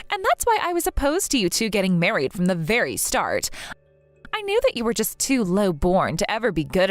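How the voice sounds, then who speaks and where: A snobbish rich sister-in-law sneers and gloats, as a woman puts her on for a dramatized story. The voice rides high and swoops in lively, mocking arcs. The sound is dry and close, with faint music underneath. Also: dry recording, close to an everyday voice.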